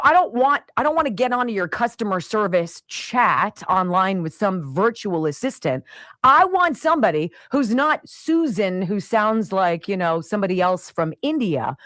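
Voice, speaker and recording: Animated, venting talk show woman. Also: medium pitch, dry recording. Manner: animated, venting, mimics sounds and voices. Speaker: radio talk show host. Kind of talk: opinionated monologue. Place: home studio with camera. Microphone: studio mic.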